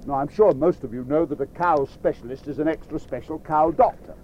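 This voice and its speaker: A man telling a children's story to a live audience, lively and playful, talking straight to his listeners. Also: a little high, brisk, hardly any pauses, a little hiss or hum, low-quality recording.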